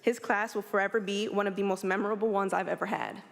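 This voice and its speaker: A high school girl reading a grateful, composed tribute to a teacher at a ceremony. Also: steady tone, fast, creaky, noisy background. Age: teens. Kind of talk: prepared speech at a ceremony. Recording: long reverb of a large hall.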